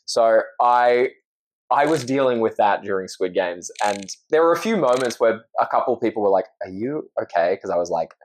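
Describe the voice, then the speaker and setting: A man's voice: lowish voice, expressive, normal speed, a little hiss or hum. Man, Australian accent, podcast guest, earnest, reflective, casual chat, many restarts.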